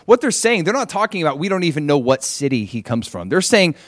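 A middle-aged man preaching a sermon, retelling a scripture story in a conversational way and acting out the quoted voices with lively shifts. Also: on the high side, normal speed, no echo, clean studio sound. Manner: animated, acts out quoted voices, conversational asides.

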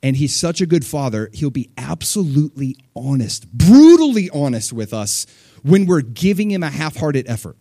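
A middle-aged man preaching a sermon, talking loosely and acting out voices with sudden jumps in pitch. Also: moderate pace, creaky, dry recording, studio quality. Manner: animated, acts out voices of people and God with sudden pitch jumps. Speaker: pastor.

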